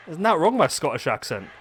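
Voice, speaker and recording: A man's voice: on the high side, a bit bright, slight background noise. A man giving playful, casual commentary over a wrestling game, joking about his own voices, his throat sore. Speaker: gaming YouTuber.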